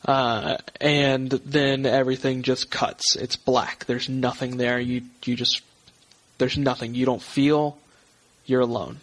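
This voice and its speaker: A man narrating a tabletop horror game as game master over a voice call, with halting, filler-heavy narration. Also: mid-range voice, flat delivery, fairly bright tone, low-quality recording. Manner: halting, many fillers and restarts.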